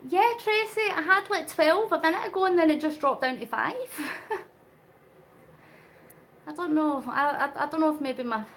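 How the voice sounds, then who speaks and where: Earnest, high-voiced woman live-streaming. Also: normal speed, pauses often, a bit bright. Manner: earnest, emotional, reads out viewer comments. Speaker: vlogger doing a live charity cycle. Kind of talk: live-stream chat while cycling.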